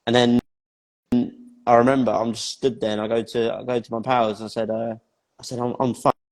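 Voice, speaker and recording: A man's voice: mid-range voice, little pitch movement, fairly quick, a little mellow. A man tells his own life story as an interview guest, talking bluntly, swearing often and repeating phrases for emphasis. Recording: long hall reverb.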